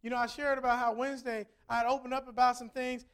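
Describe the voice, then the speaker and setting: A man's voice: very high voice, flat delivery, fast, fairly bright tone, smooth. A middle-aged man preaching a sermon, telling a family story in a conversational way that builds to emphatic points. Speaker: pastor.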